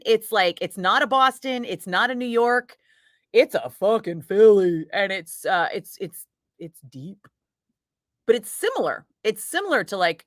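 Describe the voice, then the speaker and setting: A woman's voice: medium pitch, bright, forceful tone, no echo, clean studio sound. A woman radio host from Northern California chatting casually with her live chat, laughing often, swearing freely and rambling through asides. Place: radio studio.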